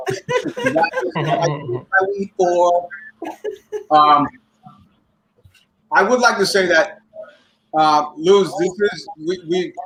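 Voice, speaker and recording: A man's voice: sits high, a bit bright, rough recording. A man doing a rambling, profane stand-up set over a video call, often laughing at his own jokes. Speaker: stand-up comedian. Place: at home in front of a computer. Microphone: computer microphone on a video call.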